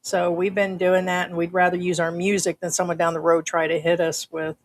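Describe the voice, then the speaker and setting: Older american lady chatting on her livestream, lowish voice, greets folks in chat. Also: flat delivery, brisk. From United States. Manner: chatty, reads out viewer comments. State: uses a breathing machine. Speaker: livestream host.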